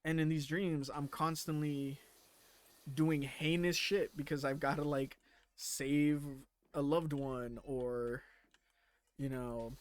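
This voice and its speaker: A man streaming a game and chatting casually, rambling with lots of fillers and casual swearing. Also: fairly high pitch. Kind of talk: casual chat while playing a game.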